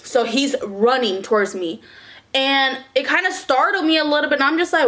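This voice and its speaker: A young woman vlogger telling a storytime in a casual, animated way, swearing and saying "like" a lot. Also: sits high, normal speed.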